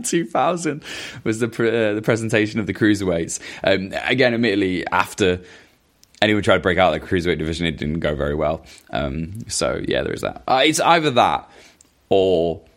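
A man hosting a podcast, casually answering listener questions in a rambling, self-interrupting way with chuckling asides. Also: deep voice. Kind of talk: casual chat.

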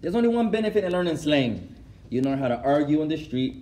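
A man's voice: on the high side, very animated, fast, dark tone. A man teaching an Islamic lesson to a class. He switches between English and Arabic, translating as he goes, repeats phrases for emphasis and laughs at his own stories.

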